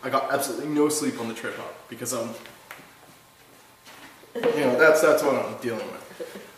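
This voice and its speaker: A man from Canada, a guest telling casual travel stories in an animated way, often tagging his lines with "right?". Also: medium pitch, moderate pace. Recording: echoey room, distant mic, faint noise.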